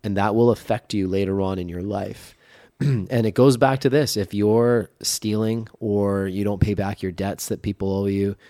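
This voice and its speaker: A man's voice: on the low side, fairly even intonation, moderate pace, dark tone, dry recording, studio quality. A man in his forties co-hosting a podcast, talking casually and leaning on "like" a lot. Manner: conversational, uses lots of "like". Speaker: podcast co-host. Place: podcast studio.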